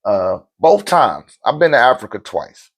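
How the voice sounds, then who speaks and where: A man hosting a live stream in a relaxed, conversational way, speaking in an average-pitched voice. He keeps checking in with listeners as he explains things. When he chants lists of names, he falls into a rhythm and becomes more animated. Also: measured pace. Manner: loose, conversational, with rhetorical check-ins. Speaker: livestream host answering viewer questions on spirituality. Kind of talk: casual spoken teaching on a live stream. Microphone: streaming mic.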